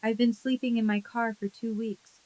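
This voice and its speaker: A woman's voice: a little high, level tone, moderate pace, dark tone, no echo, natural voice, poor audio. A woman voicing a broke, desperate older sister who pleads with a cracking voice. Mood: pleading.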